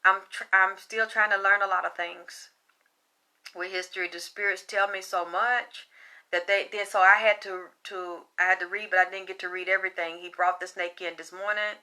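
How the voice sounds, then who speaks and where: A woman's voice: mid-range voice, steady tone, moderate pace, sharp tone. A woman who works as a spiritual reader tells stories in a casual, blunt way and swears freely. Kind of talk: casual profane storytelling.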